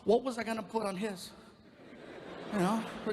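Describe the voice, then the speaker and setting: A man doing stand-up comedy, telling a long personal story in an animated way and leaping into loud high voices for his characters. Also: normal speed. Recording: reverberant venue with faint background noise.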